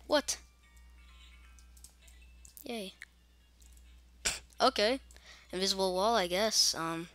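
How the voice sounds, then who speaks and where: A young woman with a bright, sharp tone talks through a platform game in a loose, unhurried way. She grumbles at the controls, cracks mock-scared jokes and chats to her viewers. It is casual gameplay commentary from a channel host. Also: mid-range voice, faint music behind.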